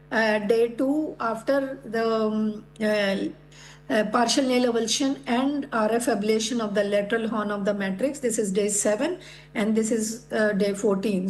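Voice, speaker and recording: A woman giving a medical conference lecture, explaining slides in a clinical way with many pauses and fillers. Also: on the high side, a little mellow, a little hiss or hum, rough recording. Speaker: conference speaker.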